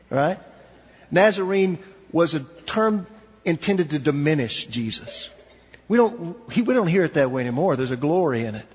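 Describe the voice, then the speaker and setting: A man with a husky, slightly high voice preaches a dramatic sermon, dropping low and quiet before building to emphatic peaks. The recording is dull and carries a long, reverberant hall echo. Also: animated, moderate pace. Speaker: pastor.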